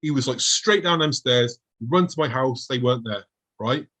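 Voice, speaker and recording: A man's voice: medium pitch, moderate pace, a bit bright. A man, a podcast guest telling an earnest, vivid story of his own experiences. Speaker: guest recounting UFO encounters. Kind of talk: personal storytelling.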